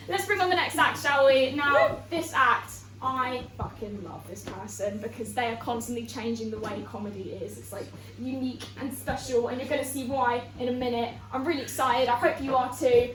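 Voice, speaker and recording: A young woman from England hosts a student comedy night in a high voice. She talks in a chatty, grumbling way and swears freely. The sound is echoey and distant, as if the mic is far from her. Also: animated, moderate pace. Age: young adult. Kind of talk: stand-up comedy hosting.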